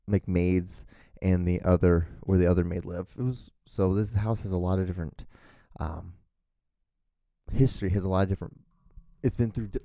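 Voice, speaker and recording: A man's voice: low voice, warm tone, no echo, clean studio sound. A young man with a California drawl, hosting a podcast alone in a casual, rambling style full of fillers and restarts. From born outside the United States. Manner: rambling, filler-heavy, self-correcting. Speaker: podcast host. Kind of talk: casual solo podcast monologue.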